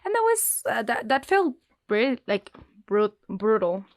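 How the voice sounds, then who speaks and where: Young woman, animated storyteller, fairly high voice, dry sound. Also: normal speed, no echo. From Mexico. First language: Spanish. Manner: animated storyteller, frequent restarts. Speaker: guest. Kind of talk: casual interview chat.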